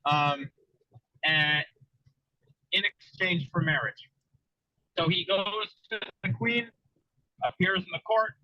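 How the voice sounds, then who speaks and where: A man's voice: high-pitched, takes it slowly, pauses often, sharp tone, dry recording. A man hosting a casual podcast chat, telling a story in a loose way with many fillers, in a dull lo-fi recording. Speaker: podcast host.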